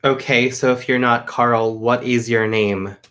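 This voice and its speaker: A man's voice: medium pitch, fairly even intonation, a little slow, fairly bright tone, lightly acted. A man playing an earnest young superhero.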